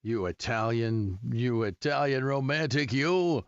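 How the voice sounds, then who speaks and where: A man's voice: mid-range voice, animated, measured pace, clear, resonant tone, no echo, dull audio. A middle-aged man hosting radio chat, joking and teasing playfully. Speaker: radio host.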